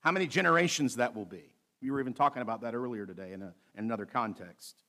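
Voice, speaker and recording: Man preaching with gentle humor. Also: medium pitch, expressive. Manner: preaching with light humor, slows to read scripture aloud. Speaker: pastor. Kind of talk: sermon.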